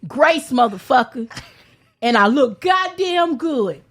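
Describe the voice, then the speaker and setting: A young woman, a podcast guest, ranting in loud, brash, profane casual chat and laughing as she goes. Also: high voice, lively intonation, slow pace.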